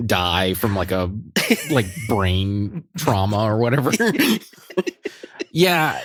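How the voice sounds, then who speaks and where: A man co-hosting a podcast, chatting casually about a TV episode, relaxed and quick to laugh, hedging with "like.". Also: fairly low pitch, no echo, clean studio sound. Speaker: podcast co-host. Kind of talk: casual chat reviewing a TV episode.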